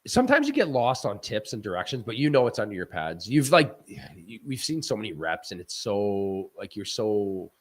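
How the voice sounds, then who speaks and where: Animated rambling ex-goalie man. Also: on the low side, moderate pace, few pauses. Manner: animated, rambling with restarts and laughs. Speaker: former goaltender, guest analyst. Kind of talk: casual post-game chat.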